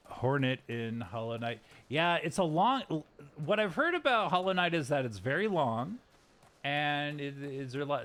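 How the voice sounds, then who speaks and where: A man's voice: mid-range voice, a bit bright. A man streaming a video game, chatting casually in a joking way with sudden yelps and some swearing. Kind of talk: casual live-stream gameplay commentary.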